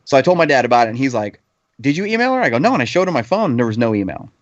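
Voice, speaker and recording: A man's voice: mid-range voice, lively intonation, very fast, dry recording. A man in his thirties, a podcast panelist telling a heated anecdote in casual chat, swearing freely. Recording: slightly dull lo-fi podcast audio.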